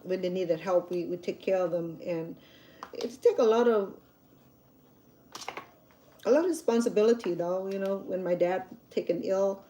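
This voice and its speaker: A middle-aged woman talks in a candid, conversational vlog style. She often restarts her sentences. Her voice is mellow and relaxed at a middle pitch. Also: moderate pace, long pauses, slight background noise, poor audio. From Cambodia. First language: Khmer. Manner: candid and chatty, with frequent restarts. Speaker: cooking channel host. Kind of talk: personal storytelling vlog.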